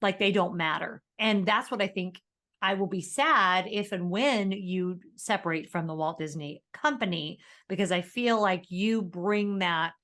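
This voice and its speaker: A woman co-hosting a podcast, talking in a casual, animated way as she rants and often laughs. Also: mid-range voice, measured pace. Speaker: podcast co-host.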